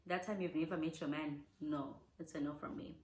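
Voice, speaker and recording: A woman's voice: sits low, fairly even intonation, a little fast, reverberant, a little hiss or hum, low-quality recording. A young South African woman chatting heartfelt and casual as she answers viewer questions, slipping in Zulu words. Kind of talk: casual Q&A chat.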